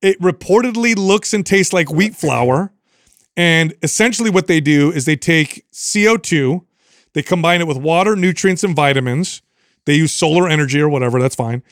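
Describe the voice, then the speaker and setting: A young adult man co-hosting a podcast, telling stories and news in an animated, casual way and swearing freely. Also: a little high, moderate pace, no echo, studio quality. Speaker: podcast host.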